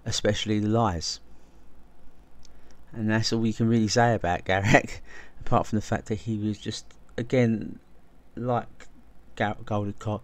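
Lower-pitched man rambling through fan commentary. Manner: enthusiastic, rambling, with frequent restarts and repeated words. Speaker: video essay host. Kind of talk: casual spoken video commentary.

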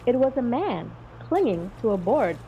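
A woman narrating a children's storybook aloud in a slow, expressive read-aloud manner. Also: a little high, slight background noise. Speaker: audiobook narrator.

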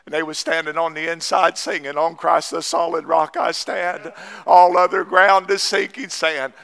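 A man pastor, preaching a fervent sermon that rises into shouts. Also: on the high side, little pitch movement, moderate pace, gravelly. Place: church sanctuary.

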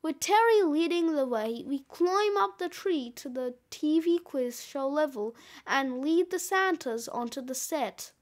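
A woman's voice: sits high, lively intonation, unhurried, hardly any pauses. A woman reading a children's book aloud expressively, voicing the sound effects. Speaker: storybook reader.

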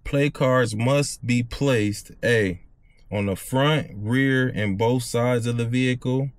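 A medium-pitched man, recorded dry, works as a CDL test tutor, reading driving test questions aloud slowly. He then explains the answers in loose, casual slang.

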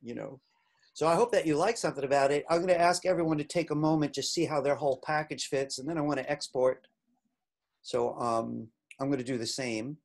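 A man teaching an online class, talking casually with many fillers while he demonstrates software. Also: a little high, fairly quick, creaky. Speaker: instructor.

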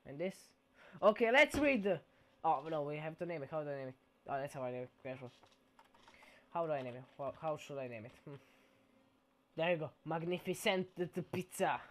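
A man giving casual gameplay commentary in a goofy, playful way, dropping mock-Italian exclamations. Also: on the high side.

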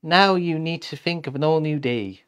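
A man's voice: a little high, normal speed, a bit bright, clear, resonant tone, natural voice. A man voicing a sceptical storybook cat.

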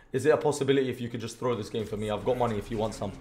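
A young British man streaming a game, commentating live with profane trash talk and sudden shouts. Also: mid-range voice, rapid-fire, few pauses. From Britain. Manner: trash-talking, profane, erupts into shouts and sing-song bits. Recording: roomy with faint background hiss.

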